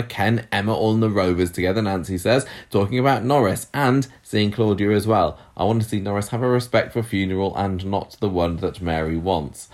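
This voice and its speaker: Low-voiced man, chatty podcast host. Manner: chatty, reads out listener messages, quick asides. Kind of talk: casual podcast chat.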